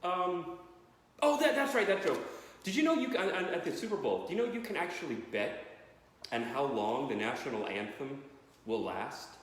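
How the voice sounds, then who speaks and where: A young man doing a rambling, excitable stand-up set in his parents' living room. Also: on the high side, moderate pace, very echoey, big-room sound. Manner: rambling, self-interrupting and excitable. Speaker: stand-up comedian.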